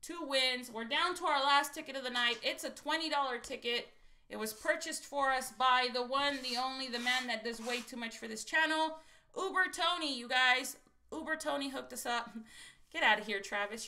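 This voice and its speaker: A woman from Texas hosting a casual lottery scratch-off livestream, chatty and excitable and talking straight to her viewers. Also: high voice, normal speed. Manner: chatty and excitable, keeps saying "you guys".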